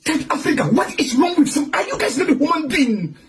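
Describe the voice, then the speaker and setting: A man's voice: very high voice, sing-song, fairly quick. A man delivering an angry, profane, repetitive rant to his online audience. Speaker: online commentator.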